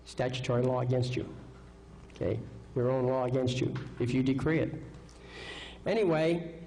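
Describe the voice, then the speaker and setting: A man's voice: a little high, a little mellow, a little hiss or hum, poor audio. A man giving a live seminar lecture, confident, asking rhetorical questions and checking in with "okay?". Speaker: seminar speaker.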